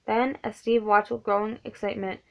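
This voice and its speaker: Woman reading a book out loud, gravelly voice, trips over words and fixes them, dull lo-fi recording. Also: medium pitch, little pitch movement, fairly quick. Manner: stumbles and corrects herself often. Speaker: reader of a book. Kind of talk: reading a novelization aloud.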